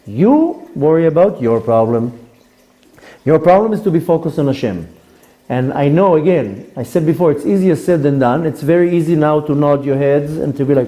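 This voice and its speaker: Animated rabbi, man with a lively voice. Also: fairly high pitch, moderate pace, low-quality recording. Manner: animated, playful, conversational. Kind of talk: Torah class lecture.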